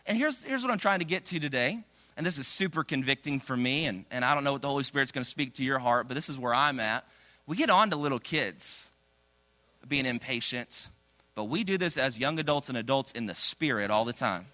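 A young man preaching a sermon, energetic and animated, acting out quotes with big jumps in his voice. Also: medium pitch, a little fast. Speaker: pastor.

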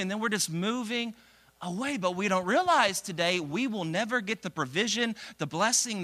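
Lively bright-voiced man preaching. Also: moderate pace. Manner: energetic, animated, acts out quotes with big pitch jumps. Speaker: pastor. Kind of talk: sermon.

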